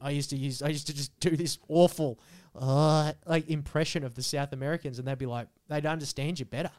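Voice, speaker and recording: A young Australian man co-hosting a podcast, telling rambling, animated stories in casual chat. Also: fairly high pitch, a little fast. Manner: rambling, animated storytelling with restarts. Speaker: podcast co-host.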